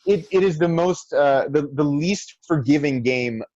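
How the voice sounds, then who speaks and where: A young man hosts a casual podcast, talking enthusiastically and restarting his sentences often. His voice sits a little high, and the recording is dry and slightly dull. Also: a little slow, a little mellow, no room sound. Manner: rambling with many restarts and fillers, enthusiastic. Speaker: podcast host. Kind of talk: casual chat.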